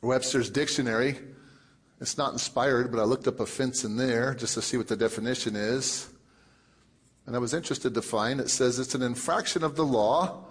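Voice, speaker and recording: A male pastor preaching a sermon, emphatic, with lots of repetition and big swings between loud and soft. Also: mid-range voice, normal speed.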